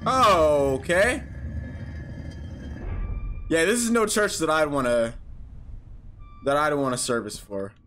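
A man with a high, bright voice works through a horror game out loud. His pitch swings widely as he mutters to himself, curses, and breaks into startled yelps. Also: animated, slow pace, pauses often, faint music behind. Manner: jumpy, talks to himself, swears, yelps and shouts when startled. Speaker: gaming YouTuber.

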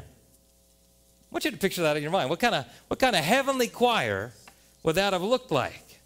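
A man with an American accent preaching a sermon as a pastor in a church, animated, often rising to loud exclamations and playful rhymes. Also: high voice, moderate pace, pauses often. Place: church sanctuary.

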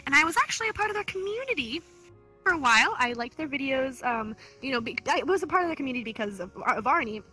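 A young-sounding woman chatting as an interview guest, bubbly and animated as she tells stories, with faint music behind her. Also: sits high, quick pace. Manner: bubbly, giggly, animated storytelling. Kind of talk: casual chat. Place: virtual reality social game session.

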